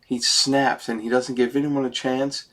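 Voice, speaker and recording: A man's voice: medium pitch, little pitch movement, unhurried, fairly bright tone. Middle-aged guy rambling on his vlog, choked up and teary, keeps saying man, regular mid voice. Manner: rambling, emotional, says "man" often. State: close to tears. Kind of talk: personal vlog monologue.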